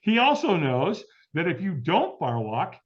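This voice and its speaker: A man's voice: on the high side, huge pitch swings, moderate pace. A middle-aged man telling a long story as an interview guest, acting out the voices of the people in it. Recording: dull lo-fi audio.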